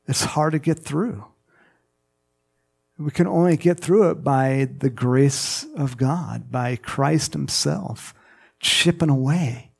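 Slow, gravelly male preacher. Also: medium pitch, darkish tone. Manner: slow, conversational, with laughs and playful mock voices. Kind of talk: sermon.

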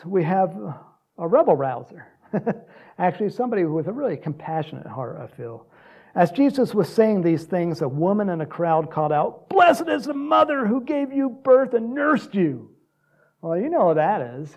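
Pastor, male, husky and gravelly, very lively pitch, casual animated preaching. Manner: animated, acts out quotes with big pitch jumps and laughs. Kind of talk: sermon.

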